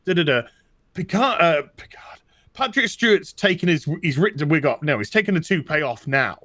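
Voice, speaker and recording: A British man telling stories in a casual chat, animated and swearing freely. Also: fairly high pitch, moderate pace, no echo. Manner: animated storytelling, swearing, mock accents. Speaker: co-host.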